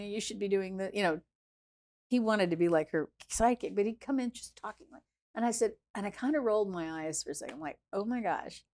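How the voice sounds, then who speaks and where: A woman chef, a guest in an interview, telling a story in a lively way, acting out what people said and swinging between hushed and loud. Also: fairly low pitch. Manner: animated, acts out quoted voices, swings between hushed and loud. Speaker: chef and restaurant founder, guest.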